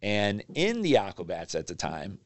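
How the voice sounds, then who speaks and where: A man's voice: on the low side, moderate pace, a little hiss or hum. A man, a magazine publisher, casually telling stories as a podcast guest and acting out what people said. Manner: animated storyteller acting out quotes. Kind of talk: casual storytelling interview.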